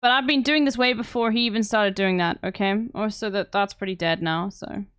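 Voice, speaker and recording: A woman's voice: medium pitch, steady tone, brisk, fairly bright tone, clean tone, no echo, clean studio sound. A woman streamer chatting to her viewers while reacting to a podcast, often tagging "okay?" onto her sentences. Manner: chatty, talks to her chat with repeated "okay?". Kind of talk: casual reaction commentary.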